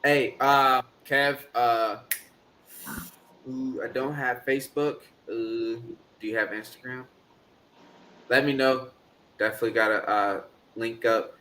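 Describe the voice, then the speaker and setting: A man's voice: medium pitch, steady tone, takes it slowly, pauses often, pushed and bright, slight background noise. A man hosting a casual livestream chat in a loose, rambling way, with a drawl and lots of filler. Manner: laid-back, rambling, with filler "uh"s. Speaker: livestream host.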